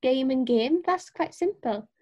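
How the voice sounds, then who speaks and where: A woman talks through a casual language lesson in a slightly breathy, husky voice that sits a little high. She is patient and encouraging, slowing down to model each word clearly. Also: expressive, warm tone. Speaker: Welsh language teacher.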